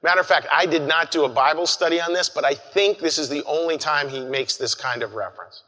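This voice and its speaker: A man preaching an earnest, conversational sermon, often restarting his phrases and calling his listeners folks. His voice is bright and forceful. It rings out with a long reverb, as in a large hall. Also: on the high side, brisk. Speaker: pastor.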